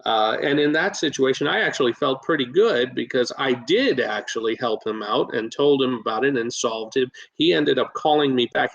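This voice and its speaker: A man who invests in real estate, talking as a podcast guest and coaching listeners in a lively way, with plenty of fillers and restarts. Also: mid-range voice, moderate pace, gravelly, few pauses, lo-fi sound. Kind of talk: casual podcast storytelling.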